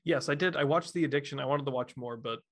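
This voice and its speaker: Easygoing man, mid-pitched voice. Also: quick pace, a bit bright. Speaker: podcast co-host. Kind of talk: casual film podcast chat.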